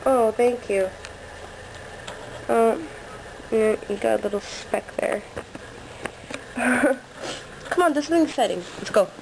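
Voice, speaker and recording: A woman with a high voice chats slowly and playfully to her dog in a living room. It is recorded on a handheld camera with clear background noise. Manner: playful, coaxing pet talk. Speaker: dog owner filming her puppy. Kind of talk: casual home video, chatting to a pet. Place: living room at home, indoors. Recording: noisy amateur home video.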